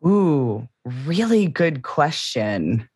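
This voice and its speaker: A woman's voice: deep voice, very animated, very slow, a little mellow, breathy edge, no room sound, studio quality. A woman co-hosting a podcast, talking candidly and reflectively in casual conversation. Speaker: podcast co-host.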